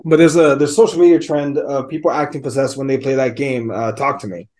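A man's voice: mid-range voice, fairly even intonation, brisk, a little mellow. A man co-hosting a podcast, chatting casually about a movie, loose and profane with lots of fillers. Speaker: podcast co-host.

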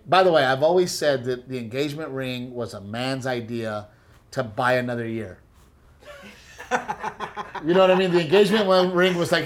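A man telling a funny personal story in casual chat, acting out other people's lines, swearing and laughing as he goes. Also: medium pitch. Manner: animated storyteller who acts out quoted voices, swears, laughs often. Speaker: comedian, co-host.

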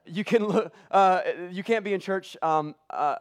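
A man's voice: high voice, a little slow. A middle-aged male pastor telling a story in a sermon, emotional and conversational, often repeating words as he goes. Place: church auditorium.

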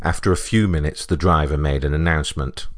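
A man with a British accent narrating a first-person story in a dry, deadpan way. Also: very deep voice, fairly quick, over loud music. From Britain.

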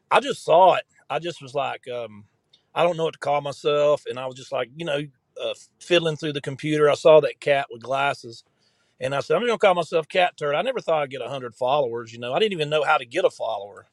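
A man's voice: medium pitch, no echo. A man in his late fifties, chatting casually and joking, often laughing and restarting his sentences. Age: 50s. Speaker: guest commentator. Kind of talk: casual political chat.

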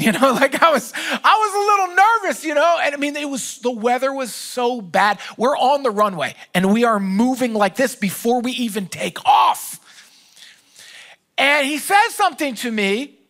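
Bright-voiced man preaching casually. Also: extremely high pitch, moderate pace. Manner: conversational, joking storyteller. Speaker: pastor. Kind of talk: sermon.

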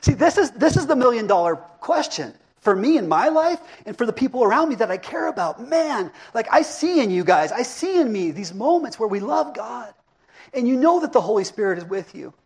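This middle-aged pastor gives an interactive sermon in a casual, conversational style, asking his congregation questions as he goes. His husky voice is very high, with big pitch swings, and he talks a little fast.

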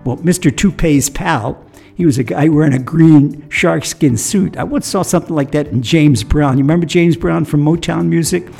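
A man's voice: fairly high pitch, moderate pace, gravelly, mellow, slightly rough, soft background music. A man telling a folksy story that turns into a sermon, chuckling now and then as he goes. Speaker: storyteller and religious teacher.

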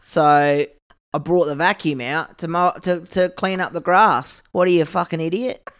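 A man's voice: fairly high pitch, steady tone, moderate pace, fairly bright tone, smooth. A man co-hosting a casual comedic podcast, swearing often and reacting with disbelief and laughter. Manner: swears a lot, incredulous, bursts of laughter. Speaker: podcast co-host.

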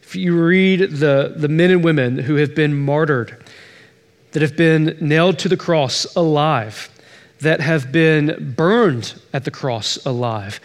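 A man's voice: on the high side, slow pace. A man preaching as pastor, telling a story and pressing its point with emphatic repetition. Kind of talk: sermon.

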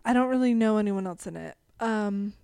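A young woman co-hosting a podcast, chatting in a relaxed way and describing a movie. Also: mid-range voice, moderate pace, gravelly, smooth, no room sound, clean studio sound. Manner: relaxed, frequent backchannel "mm-hmm" and short agreeing replies. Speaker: podcast co-host. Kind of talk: casual chat.

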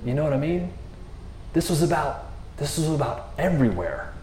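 A man preaching in a relaxed, casual way, acting out the disciples' voices as he tells the story. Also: fairly high pitch, moderate pace, reverberant, a little hiss or hum. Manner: animated, acts out voices of the disciples. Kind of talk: casual sermon.

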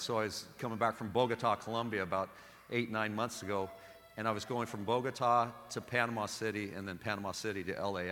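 A middle-aged man, a Catholic priest, preaching a homily with animated, self-deprecating stories. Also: fairly low pitch, in a large hall.

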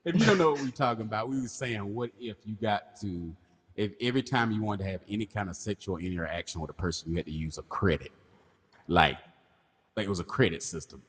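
A man's voice: lowish voice, quick pace, husky, big-room sound. A man co-hosting a podcast, trading crude jokes and spinning absurd hypotheticals with laughs. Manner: animated, laughing storyteller. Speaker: podcast co-host. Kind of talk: crude comedic banter.

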